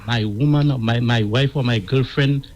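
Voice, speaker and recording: A man's voice: mid-range voice, moderate pace, a little mellow, lo-fi sound. A man calling a radio show, giving advice in an insistent, repetitive way. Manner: repetitive, insistent, keeps saying the host's name. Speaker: caller.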